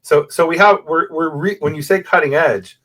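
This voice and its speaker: His voice is a little high and his speed normal. As a guest scholar on Bible manuscripts speaking over a video call with a bookshelf photo backdrop, he animatedly explains his research step by step and keeps checking in with "right?".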